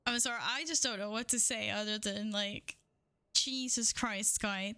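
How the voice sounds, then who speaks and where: A woman's voice: medium pitch, unhurried, sharp tone, no room sound. A woman livestreamer in casual chat, overwhelmed and shaking, gushing thanks between swearing and laughter, on a studio microphone. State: shaking with excitement. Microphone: studio microphone with windscreen.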